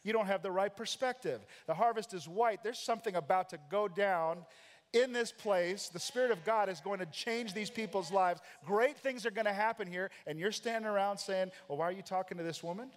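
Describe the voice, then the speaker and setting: An American pastor with a high-pitched voice preaches a fairly quick sermon with emphatic, dramatic delivery, acting out the lines of figures in his stories. Long reverb carries his voice through the church sanctuary.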